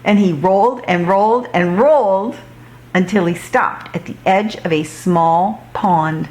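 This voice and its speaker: A woman reads a children's picture book aloud in a slow, deliberate way. Her storytelling is expressive, and her pitch sits in a middle range.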